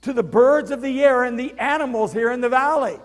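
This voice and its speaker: A man's voice: extremely high pitch, a little fast, pitched above the performer's own voice. A man voicing a huge giant warrior, mocking and threatening. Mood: taunting. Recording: reverberant hall.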